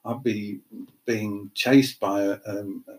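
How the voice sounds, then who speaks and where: A middle-aged woman co-hosting a casual chat podcast, playful and quick to laugh. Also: a bass voice, rough recording. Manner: giggly, playful, lively. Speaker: podcast co-host.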